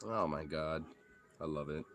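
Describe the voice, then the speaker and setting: A man streaming live while playing with his pets, excitable, coaxing and teasing them and swearing a lot. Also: rumbling low, a little slow, soft background music. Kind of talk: casual live-stream chat.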